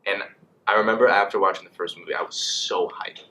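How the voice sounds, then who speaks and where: A young man in college vlogging casually, rambling and animated with lots of fillers. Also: lowish voice, brisk, slight background noise. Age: young adult. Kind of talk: casual monologue to camera.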